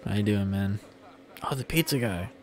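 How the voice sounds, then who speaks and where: A man's voice: fairly low pitch, moderate pace, a little hiss or hum. A young man casually chatting with viewers while he plays a game on a livestream, rambling loosely and swearing now and then. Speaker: streamer. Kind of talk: casual gameplay livestream chat.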